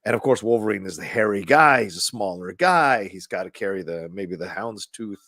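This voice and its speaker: Man, low voice, casual podcast co-host, loose and rambling, dry close mic. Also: expressive, a little fast, a bit bright, no room sound. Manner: loose, swears casually, trails off in fillers. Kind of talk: casual chat.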